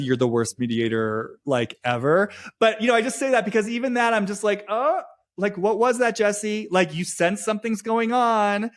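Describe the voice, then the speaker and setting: A man co-hosting a podcast in a casual chat, talking fast and acting out quoted lines in changed voices. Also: a little high. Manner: swears freely, says "like" often. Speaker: podcast co-host.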